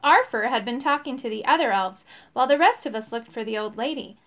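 A woman narrating a children's fantasy book in the first person, with expressive reading. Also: a little high, fairly quick, few pauses. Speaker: audiobook narrator. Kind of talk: storybook narration.

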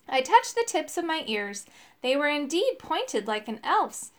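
A woman's voice: high voice, sing-song, measured pace. A woman reading a children's story aloud, giving each character a voice.

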